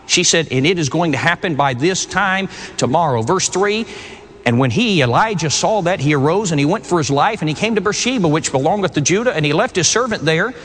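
Earnest preacher guy, kinda high voice, repeats little words, big echoey church hall sound. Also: a bit bright. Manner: earnest, conversational, repeats words when starting phrases. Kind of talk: sermon. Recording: long hall reverb.

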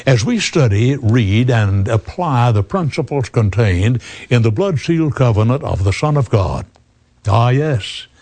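A man's voice: medium pitch, mellow. An older man preaching a sermon, earnestly quoting scripture with chapter and verse and asking rhetorical questions.

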